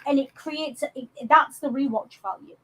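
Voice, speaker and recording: A woman's voice: high-pitched, moderate pace, fairly bright tone, rough recording. A woman from England co-hosting a podcast, chatting casually about films with lots of ums and restarts. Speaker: podcast co-host. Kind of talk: casual film discussion.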